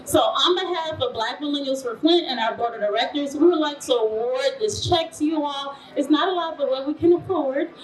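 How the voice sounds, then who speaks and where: A woman's voice: high-pitched, brisk, few pauses. A woman presenting an award at a ceremony, speaking in a heartfelt way. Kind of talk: ceremony speech. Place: event hall. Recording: echoey hall from far off.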